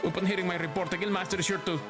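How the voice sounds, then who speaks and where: A man's voice: high voice, fairly even intonation, very fast, lightly acted. A man voicing a bossy male bird guild officer who scolds and frets. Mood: indignant. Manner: scolding, flustered. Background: game music.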